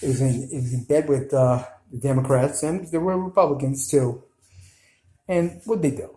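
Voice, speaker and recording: A man's voice: medium pitch, normal speed, mellow, echoey room, poor audio. A man with a New York Italian accent, ranting to viewers in blunt, scolding commentary. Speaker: video commentator.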